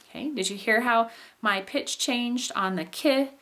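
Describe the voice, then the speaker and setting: A woman's voice: a little high, measured pace, sharp tone. A woman teaching a recorded phonetics lesson, explaining in a patient way with frequent fillers and acting out example sentences. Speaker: instructor.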